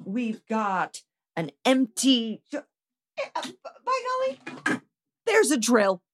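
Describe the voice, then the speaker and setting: A woman co-hosting a comedy podcast from a cluttered home desk, recapping a movie with incredulous, lively commentary. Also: fairly high pitch. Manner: lively, incredulous, quick to laugh. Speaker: podcast co-host. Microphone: podcast microphone.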